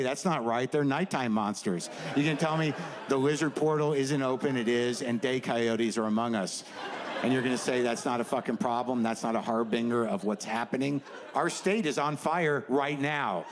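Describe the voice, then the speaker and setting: A man's voice: mid-range voice, normal speed. Man, stand-up comic, rambling profane riffs, live stage, faint crowd laughter. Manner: rambling, profane, conversational riffing. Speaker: stand-up comedian. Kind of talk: stand-up comedy set. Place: stage before a live audience. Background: faint audience laughter.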